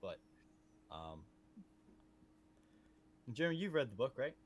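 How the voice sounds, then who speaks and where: A man co-hosting a podcast, talking casually about a movie in a rambling, animated way that often trails off and restarts. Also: medium pitch, slow pace, slight background noise. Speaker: podcast co-host.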